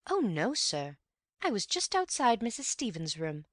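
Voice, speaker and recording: A woman voicing a nervous young housemaid who answers in quick, respectful replies. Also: mid-range voice, very animated, no room sound, clean studio sound, pitched above the performer's own voice. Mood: flustered.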